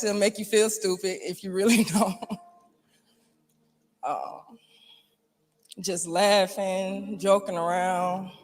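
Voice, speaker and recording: A man giving a heartfelt eulogy at a memorial, reminiscing in halting phrases with sighs and soft laughs. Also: high-pitched. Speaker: family friend giving a eulogy.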